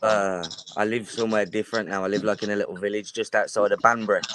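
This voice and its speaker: Brummie bloke chatting, says innit and bro, crowd noise behind. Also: male voice, lowish voice, steady tone, fast. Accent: Birmingham. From Birmingham, England. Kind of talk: casual chat.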